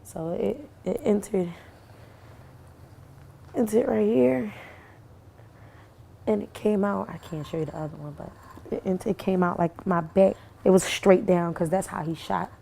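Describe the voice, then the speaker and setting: A young woman recounting what she lived through, halting with many fillers and restarts. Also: mid-range voice, gravelly, mellow, slight background noise. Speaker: shooting survivor. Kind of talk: recounting testimony to camera.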